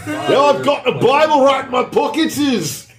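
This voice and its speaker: A man's voice: very high voice, big pitch swings, moderate pace, pitched above the performer's own voice. Man putting on a bawdy fake-Scottish priest. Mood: leering. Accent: bad put-on Scottish. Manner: brash, bawdy, sing-song. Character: crude loud Scottish male priest. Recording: echoey room with music.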